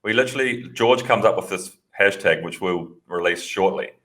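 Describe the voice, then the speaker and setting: A laid-back man with a fairly low voice who keeps the podcast chat moving. He sounds relaxed and chatty and is easily amused. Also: normal speed. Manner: laid-back, drives the show along. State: training with a broken wrist. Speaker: podcast co-host. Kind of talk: casual chat.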